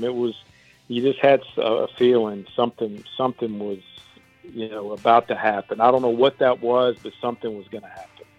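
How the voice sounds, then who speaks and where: A man, a sports information director, talking on a radio show by phone in a halting way full of fillers. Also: medium pitch. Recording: tinny phone line.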